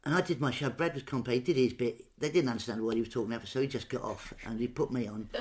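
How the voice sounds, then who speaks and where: Animated comedian telling stories. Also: male voice, very fast. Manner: animated storyteller, jumps up in pitch for punchlines. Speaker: comedian guest. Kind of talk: casual anecdote telling. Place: home.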